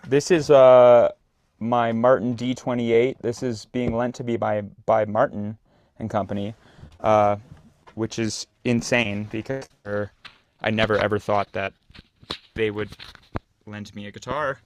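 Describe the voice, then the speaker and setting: A young adult man, a podcast guest telling a story in a loose, animated way. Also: on the low side, measured pace. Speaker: guest, actor and singer. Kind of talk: casual storytelling in a podcast interview.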